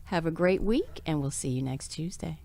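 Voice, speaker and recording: A woman's voice: deep voice, animated, moderate pace, creaky, a little mellow. A woman hosting a casual talk show, speaking in an earnest, upbeat way with frequent laughter. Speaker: podcast host. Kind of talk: casual chat.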